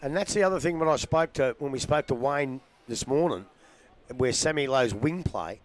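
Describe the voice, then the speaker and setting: A man's voice: mid-range voice, animated, moderate pace. Joking Australian co-commentator man. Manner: joking, teasing asides. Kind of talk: colour commentary and banter.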